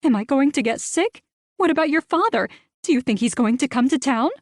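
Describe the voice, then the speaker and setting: Woman doing a high, shrill busybody, breathless, gushing, audiobook character. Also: expressive, dry recording, clean studio sound. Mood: frantic. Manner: breathless, rapid-fire questions. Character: excitable gossipy small-town woman.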